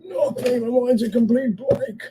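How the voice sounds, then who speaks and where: A man voicing a groggy, hungover man who speaks in a bewildered, drawn-out way. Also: extremely high pitch, dark tone, a little hiss or hum, voice pushed up. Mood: dazed.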